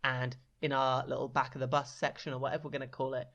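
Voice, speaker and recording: A man co-hosting a casual podcast, playful and upbeat, teasing his co-host and giving shout-outs. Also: mid-range voice, level tone, fast, muffled recording. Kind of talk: casual chat.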